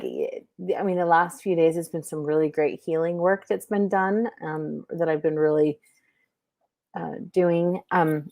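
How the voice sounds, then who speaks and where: A woman's voice: low-pitched, gravelly, darkish tone, no echo. Middle-aged woman, livestream host, rambling casual chat, dry close sound. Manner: chatty, meandering, full of fillers and restarts. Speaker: livestream host giving intuitive readings.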